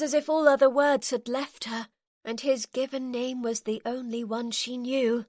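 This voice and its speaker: A woman narrating a romance audiobook in a measured, intimate, softly expressive way. Her voice sits a little on the high side. The sound is dry and close-miked, with no room around it. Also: no echo.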